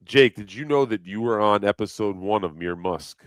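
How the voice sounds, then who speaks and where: Brief: male stream host, low voice, dry close mic, casual teasing and mock-alarmed chatter. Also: normal speed, no echo. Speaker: livestream host. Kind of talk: casual live chat.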